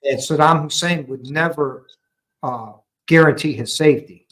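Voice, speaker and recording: A man with an American accent, a veteran guest telling a long story in a calm, explanatory way with frequent ums. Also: a little high, moderate pace, rough recording. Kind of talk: casual storytelling conversation.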